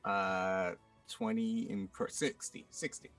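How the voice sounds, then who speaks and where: Gravelly, laid-back man at a game table. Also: sits low, huge pitch swings, takes it slowly, a bit bright, no echo, faint music behind. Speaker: player. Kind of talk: casual tabletop chat.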